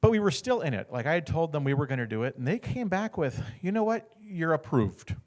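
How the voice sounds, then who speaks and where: A man's voice: on the high side, big pitch swings, quick pace, a little mellow. A man speaking as an entrepreneur, telling a casual story with lots of laughter and acted-out back-and-forth dialogue. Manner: chatty, laughs often, acts out both sides of conversations.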